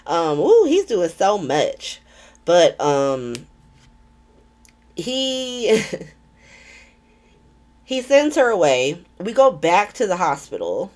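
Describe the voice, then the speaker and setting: A chatty woman hosting a casual recap vlog in an irreverent, swearing-prone way. Her voice is lowish for a woman and very animated, full of rises and falls. She peppers her talk with ums. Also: very slow, pauses often. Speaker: soap opera recap vlogger.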